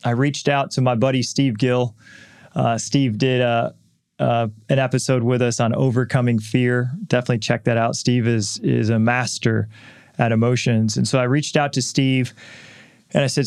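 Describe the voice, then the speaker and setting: A middle-aged podcast host and author reflects personally in a candid, earnest monologue, often restarting his sentences. His mid-range voice is steady and darkish in tone, at normal speed. The sound is clean studio quality with no room sound.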